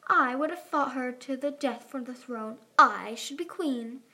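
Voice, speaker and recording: A woman's voice: high-pitched, moderate pace, pushed and bright. Woman playing a proud dramatic dragoness. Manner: dramatic, teasing.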